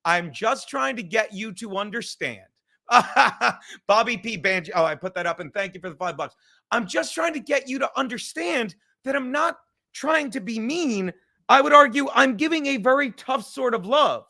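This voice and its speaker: A man's voice: very high-pitched, lively intonation, normal speed, vocal fry, sharp tone. A man hosting a podcast livestream, ranting in a heated, rambling way and swearing constantly. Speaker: podcast host. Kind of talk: profane livestream rant.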